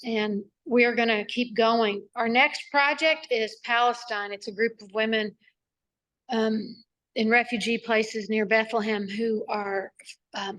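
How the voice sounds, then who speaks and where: A woman's voice: fairly high pitch, sharp tone. A middle-aged woman, a nonprofit founder, answering interview questions over a video call in a chatty, rambling way full of asides and fillers.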